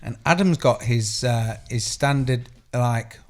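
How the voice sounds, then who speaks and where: A man's voice: medium pitch, takes it slowly, a little mellow. A man chatting casually as a podcast co-host, rambling through stories and laughing often, at a table mic in a studio room. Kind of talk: casual chat. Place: studio room under bright lights.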